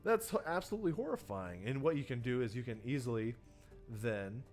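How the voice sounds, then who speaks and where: On a livestreamed workshop, a tabletop game design teacher explains how to write horror for role-playing games, acting out players' reactions. His medium-pitched, darkish voice is animated and fairly quick, loose and conversational with many fillers and restarts, over soft background music.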